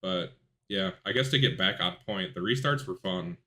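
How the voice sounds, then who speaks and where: Bright-voiced man telling rambling stories. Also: low-pitched, normal speed. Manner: rambling, animated storytelling. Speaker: podcast host. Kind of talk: casual chat about sim racing.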